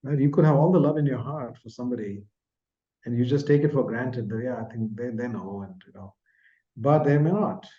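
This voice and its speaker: A man in his sixties from India, a podcast guest telling a personal story in an earnest, soft-spoken way that trails off at the ends of phrases. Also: medium pitch, a little fast, muffled recording. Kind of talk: reflective storytelling in an interview.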